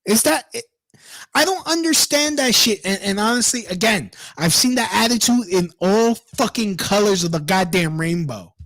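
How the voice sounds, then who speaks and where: A man's voice: sits high, moderate pace, a bit bright, no room sound. A man reading a news story aloud and ranting about it, profane and indignant, breaking off to mock the people in it. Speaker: online commentator.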